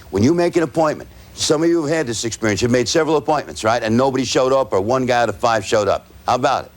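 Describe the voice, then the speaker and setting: A man teaching salespeople, walking through his method point by point and tagging his points with "right?". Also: medium pitch. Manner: tags points with rhetorical "right?"; spells out words slowly. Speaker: sales trainer. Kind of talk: lecture to salespeople.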